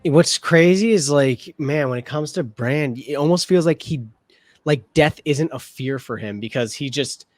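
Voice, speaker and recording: A man's voice: fairly high pitch, measured pace, dry recording. Swearing, emotional man reacting to a show. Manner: emotional, swears a lot, thinks aloud. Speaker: reaction video co-host. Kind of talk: casual reaction commentary.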